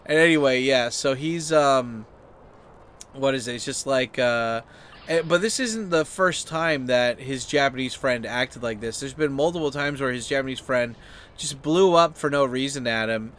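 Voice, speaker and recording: A man's voice: moderate pace, slight background noise. Rambling man telling a story. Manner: rambling, heavy use of "like" and fillers; acts out quoted people with sudden high, loud outbursts. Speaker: channel host. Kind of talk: casual storytelling rant.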